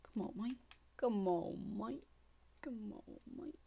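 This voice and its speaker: A woman's voice: mid-range voice, takes it slowly, vocal fry, warm tone, slightly rough. Woman muttering through gameplay commentary. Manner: mutters and whispers to herself, with sudden frustrated outbursts. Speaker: gaming channel host.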